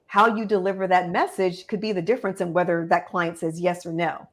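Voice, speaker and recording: Measured, authoritative woman media coach. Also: lowish voice, steady tone. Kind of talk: interview conversation.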